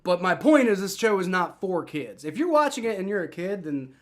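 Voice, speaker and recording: A young man hosting a live football reaction stream, swearing and shouting in outrage at the referees, then talking casually to his chat. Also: sits high, sing-song, fairly quick. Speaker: livestream football reaction host. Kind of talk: live sports reaction commentary.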